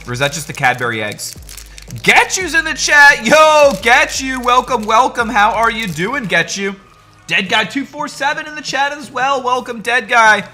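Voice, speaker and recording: An excitable young male streamer in casual chat mode, calling out viewers by name. His voice sits high and jumps all over the place. Soft music plays faintly behind him. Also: moderate pace. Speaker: livestream host.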